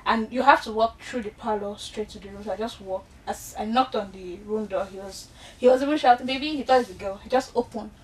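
A woman's voice: medium pitch, brisk, hardly any pauses. A young Nigerian woman telling a personal story in a casual chat, acting out the voices in it. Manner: animated, acts out quoted dialogue. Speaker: guest storyteller. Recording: voice from far off the mic.

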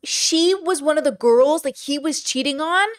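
A woman giving casual reaction commentary, chatty and thinking aloud as she pauses a video to comment. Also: high voice. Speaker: commentary streamer.

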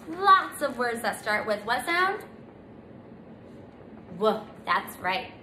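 Preschool teacher, woman, slow and sing-song, higher voice, echoey room. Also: big pitch swings. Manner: slow, gentle, sing-song, stretches sounds. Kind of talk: children's circle time lesson. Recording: echoey room, faint noise.

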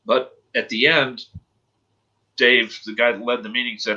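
A man's voice: medium pitch, little pitch movement, moderate pace, pushed and bright, highs cut off. A man as an interview guest, telling a personal story of faith in an earnest, emotional way.

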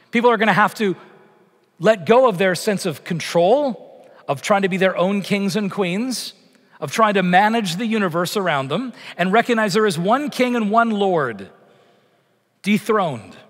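A man's voice: sits high, a bit bright, in a large hall. A man preaching a sermon as pastor, emphatic, asking rhetorical questions and driving points home with repetition. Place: church sanctuary.

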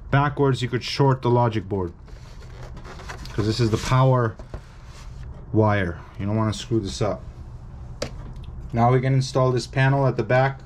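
A man's voice: medium pitch, a little mellow, a little hiss or hum. A man walking viewers through a hardware repair step by step, in a casual, instructive way that stresses the warnings. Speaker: repair technician.

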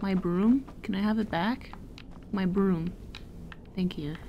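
A woman's voice: medium pitch, slow, lo-fi sound, slight background noise. A woman streamer giving casual, playful commentary while playing a game, giggling and swearing freely. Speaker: gameplay streamer.

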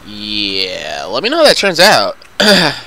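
A man's voice: on the low side, huge pitch swings, slow, pushed and bright, a little hiss or hum, rough recording. A man chatting casually and profanely while playing a video game with a friend. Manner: profane, loose and talkative. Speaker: gaming commentator. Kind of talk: casual gameplay chat.

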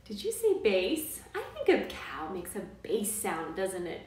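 Woman, kids' music teacher, sing-song and coaxing, lively swooping pitch, heavy room echo. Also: measured pace. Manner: bright, sing-song, coaxing tone for small children. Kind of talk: live online kids' music class. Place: indoors at home during quarantine. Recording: very echoey room, mic at a distance.

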